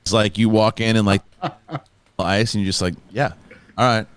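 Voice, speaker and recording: A man hosting a live show, telling stories in a casual, animated way with frequent laughs. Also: lowish voice, moderate pace, clear, resonant tone, dry recording. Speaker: host. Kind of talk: casual chat.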